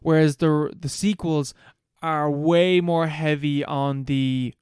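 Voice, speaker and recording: A man chats loosely about films for his podcast, swearing freely as he recaps plots. His voice sits a little high and comes through smooth and resonant. It is recorded on a close mic in a dry room. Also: slow pace, dry recording. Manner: loose, profane, animated plot recap. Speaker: film podcast host. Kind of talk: casual chat.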